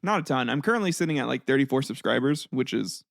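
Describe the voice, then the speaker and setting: A man's voice: mid-range voice, lively intonation, quick pace, gravelly, no room sound, clean studio sound. A young man hosting his own podcast, rambling casually with lots of fillers and chuckles. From United States. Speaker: podcast host. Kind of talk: casual solo podcast chat.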